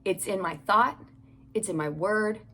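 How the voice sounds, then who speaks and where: A woman's voice: mid-range voice, measured pace, fairly bright tone, a little hiss or hum. A woman hosting a devotional podcast, chatting casually and reading scripture aloud while recording in a home closet. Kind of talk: casual devotional Bible teaching.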